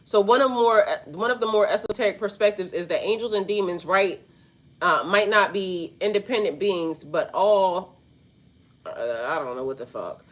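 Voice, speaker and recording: A woman's voice: mid-range voice, moderate pace. A woman who works as a spiritual life coach, talking casually to her viewers in a rambling, slangy way and swearing freely, with a stuffy nose.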